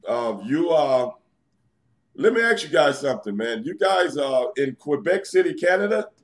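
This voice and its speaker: A man from New York City talks as a podcast guest, easygoing and teasing as he throws questions back at his hosts. His voice is a touch high for a man, though it often drops low and soft. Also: very animated, moderate pace. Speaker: guest, former pro wrestler. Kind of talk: casual podcast interview.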